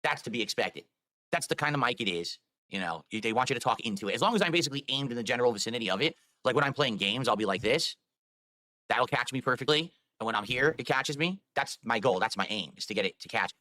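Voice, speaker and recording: A man talks quickly with a bright, forward tone and explains himself at length, rambling and defensive. He sounds like a streamer chatting live, and his voice sits close and dry with no room sound. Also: medium pitch, animated, no echo. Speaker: video game streamer.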